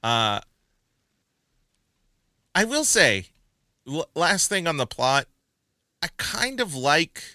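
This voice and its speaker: A man's voice: a little high, very animated, slow, long pauses, bright, forceful tone, no room sound. A man co-hosting a movie review podcast in casual chat, laughing often and acting out quotes from the film. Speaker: podcast co-host.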